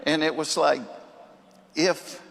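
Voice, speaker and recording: A man with a Southern US accent, a comedian and speaker telling folksy stories in a faith talk to a live audience, at times turning earnest and hushed. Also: a little high, fairly even intonation, slow pace, gravelly. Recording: reverberant hall with faint noise.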